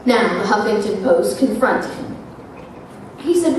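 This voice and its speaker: A woman telling a story at a live lecture, animated and confrontational. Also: medium pitch, a little slow, pauses often, a little hiss or hum. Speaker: constitutional speaker. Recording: echoey hall from far off.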